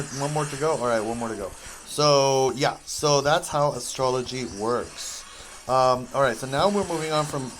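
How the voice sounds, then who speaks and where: Brief: man, mid pitch, loose rambling gameplay chatter, jokey, faint hiss behind. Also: poor audio. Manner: chatty and jokey, drifts between topics, apologetic asides. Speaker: gaming video host. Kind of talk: rambling casual commentary while gaming.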